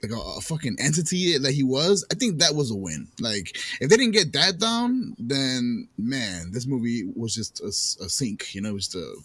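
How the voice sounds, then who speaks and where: A man chatting as a movie reviewer, animated and profane, full of fillers. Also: mid-range voice, moderate pace, hardly any pauses, husky, dry recording. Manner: animated, swears, many fillers. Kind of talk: casual chat.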